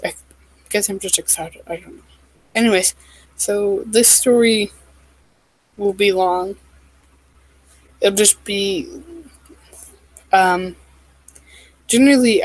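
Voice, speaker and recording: A woman vlogging in a casual, rambling way, with lots of "like" and "um", quick asides and apologies. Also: mid-range voice, no room sound, poor audio.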